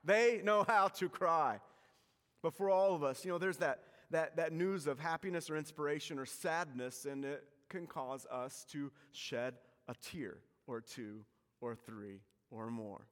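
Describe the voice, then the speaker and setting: A pastor giving a sermon in a church, telling stories with self-mocking humor, shifting from loud to hushed. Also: male voice, on the high side, a little slow, in a large hall. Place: church sanctuary.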